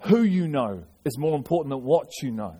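A man's voice: medium pitch, sing-song, fairly quick, mellow, slightly rough. A man preaching a sermon, earnest, often restarting and repeating his words. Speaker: pastor.

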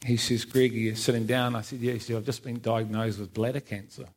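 A man's voice: mid-range voice, little pitch movement, brisk. A man giving a personal church testimony, frank and self-mocking, often laughing at himself. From England. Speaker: testimony speaker.

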